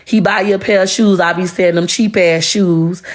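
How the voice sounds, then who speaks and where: A woman's voice: fairly low pitch, fairly even intonation, normal speed. A woman delivering a blunt, profane, confrontational rant straight to camera, lecturing her listeners emphatically. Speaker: social media personality. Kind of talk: ranting to-camera monologue.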